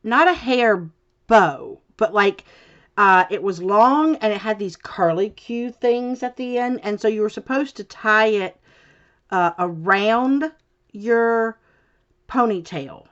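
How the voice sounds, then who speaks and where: A woman's voice: medium pitch, takes it slowly, lo-fi sound. A woman chatting casually while she crafts at home, rambling along with lots of fillers and restarts. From Southern United States. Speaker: crafting channel host. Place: home, indoors.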